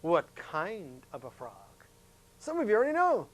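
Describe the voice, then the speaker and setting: A man teaching a science lesson to students, talking in a folksy, chatty way, asking questions and jumping up in pitch to stress a point. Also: wildly swooping pitch, normal speed. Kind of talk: classroom lesson demonstration.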